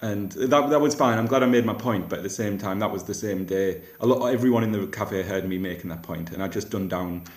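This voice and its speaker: A young man talks through his week in a loose, self-mocking ramble, tripping over restarts. His voice sits low, and the room around him rings with echo. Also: fairly quick, hardly any pauses. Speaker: comedian vlogger. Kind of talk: casual rambling vlog. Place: rented flat. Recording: echoey room.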